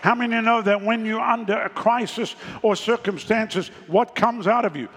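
High, gravelly-voiced man preaching in a hall. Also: normal speed, a bit bright. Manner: emphatic preaching, asks the congregation for responses. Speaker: pastor. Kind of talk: sermon. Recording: long reverb of a large hall.

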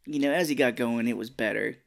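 A man co-hosting a podcast, chatting casually about a film, rambling and animated. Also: mid-range voice, fast talker, creaky. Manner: rambling, animated, does mock voices of film characters. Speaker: podcast co-host. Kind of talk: casual movie review chat.

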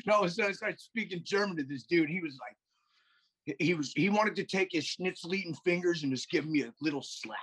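A man's voice: on the high side, expressive, normal speed, fairly bright tone, husky, low-quality recording. A man guest on a podcast, rambling through stories in a casual, profane way over a video call. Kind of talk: casual chat.

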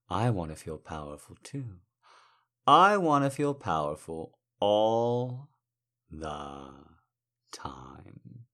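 A man voicing a confident, teasing male lover in an intimate audio role-play, talking slowly and softly in a low murmur. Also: very animated, full character voice. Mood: sultry teasing.

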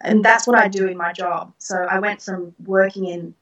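A middle-aged woman recounts personal experiences in an interview, earnest and reflective, with soft laughs. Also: medium pitch, steady tone, moderate pace, muffled recording. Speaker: guest. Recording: roomy, distant from the mic.

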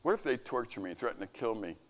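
Animated and fast-talking, a camp leader preaches a devotional message to his camp staff. He is earnest, and his emphasis rises and falls in pitch.

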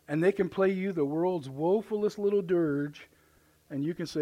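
Brief: middle-aged man, folksy live sermon, halting restarts, higher voice. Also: a little mellow. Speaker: preacher. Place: church sanctuary.

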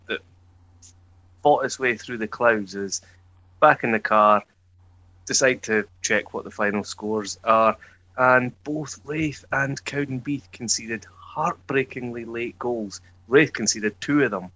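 A man's voice: medium pitch, sharp tone, no echo, low-quality recording. A man with a Scottish accent co-hosting a podcast, telling a rambling story with hesitant fillers. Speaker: podcast co-host. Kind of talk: casual podcast chat.

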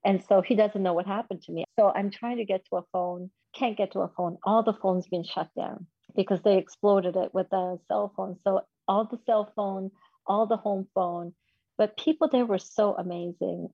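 A woman's voice: mid-range voice, steady tone, moderate pace, creaky, no echo, highs cut off. A woman in her fifties telling a personal story in an interview, candid and self-deprecating. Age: 50s. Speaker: guest.

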